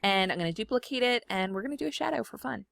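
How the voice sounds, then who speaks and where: A woman, chatting casually from home while she demonstrates design software, giggly and self-deprecating. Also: fairly high pitch, animated, quick pace, creaky, no room sound, clean studio sound. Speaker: scrapbooking video host. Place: home room.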